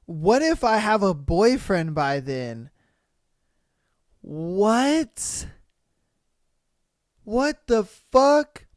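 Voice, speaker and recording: A podcast host reads out online posts and reacts with animated, profane comedic commentary. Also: medium pitch, dry recording, clean studio sound.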